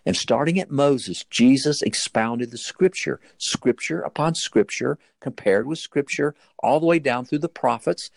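In a creaky, mid-range voice, a man preaches a sermon-style retelling of a Bible story, speaking a little slowly with few pauses. He's an earnest storyteller whose voice rises sharply at dramatic moments, and there's no room sound.

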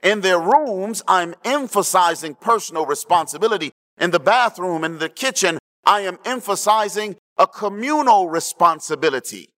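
A man preaching a sermon, checking in with the congregation and swinging between hushed low lines and raised emphatic ones. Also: lively intonation, moderate pace, hardly any pauses. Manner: preaching with call-and-response asides to the congregation. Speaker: pastor.

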